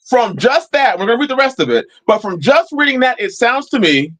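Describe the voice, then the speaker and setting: Brief: male stream host, loose and joking Bible talk, high pitch that swings widely. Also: big pitch swings, brisk, a bit bright, rough recording. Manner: loose, joking, swears casually, laughs often; acts out his prayers in a lower voice. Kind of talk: casual Bible teaching.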